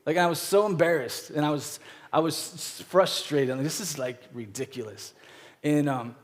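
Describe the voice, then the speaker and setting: A man's voice: a little high, moderate pace. Casual male pastor in a reverberant hall. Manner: casual, rambling, with many fillers and acted-out quotes. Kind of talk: conversational sermon with personal stories. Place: church sanctuary.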